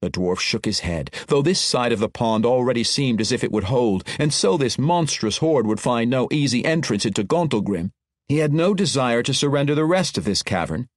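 A man narrating an epic fantasy audiobook in an expressive, dramatic reading. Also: mid-range voice, no echo, studio quality. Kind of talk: scripted narration.

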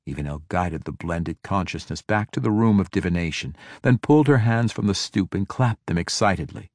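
A man narrating a fantasy audiobook in a measured, even storytelling manner. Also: sits low, no echo, studio quality.

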